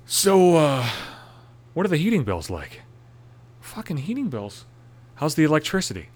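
A man's voice: a little high, big pitch swings, normal speed. A man hosting a podcast, telling a story as an angry, sarcastic rant, swearing constantly and acting out both sides of each exchange. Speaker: podcast host. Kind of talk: profane comedic rant.

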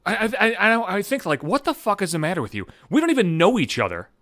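A man rants on his home podcast in a fairly high voice that swings wildly up and down. He swears constantly and trips over his own restarts as he gets worked up. The sound is close and dry. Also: sing-song, fast, fairly bright tone, no room sound. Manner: profane, heated ranting with stammered restarts. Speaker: podcast host. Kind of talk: solo comedic rant podcast.

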